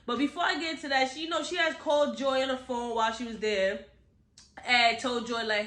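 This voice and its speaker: A woman's voice: on the high side, steady tone, brisk, fairly bright tone, roomy sound. A young woman in a casual book review chat. She is chatty and candid, uses slang, drifts off topic and keeps checking in with "right?".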